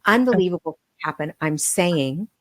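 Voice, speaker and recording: A middle-aged woman, a guest on a podcast, telling personal stories in an earnest, heartfelt way with halting restarts. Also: on the low side, expressive. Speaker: podcast guest, medium and author. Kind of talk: emotional personal storytelling.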